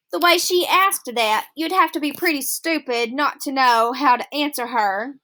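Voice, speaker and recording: Woman reading a kids novel out loud, high voice, bright and clear. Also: normal speed, hardly any pauses. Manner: steady storytelling, first-person child narrator. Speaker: reader.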